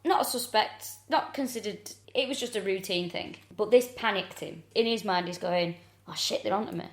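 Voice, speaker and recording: A woman's voice: medium pitch, moderate pace, reverberant. A woman co-hosting a comedy podcast, recounting events with dry, sarcastic asides. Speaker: podcast co-host. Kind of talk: casual comedic chat.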